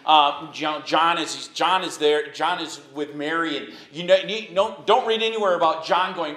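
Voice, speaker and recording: A man preaching a sermon as pastor, moving between quiet earnest stretches and high, emphatic rises. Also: expressive, moderate pace, few pauses. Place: church sanctuary. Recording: echoey church hall.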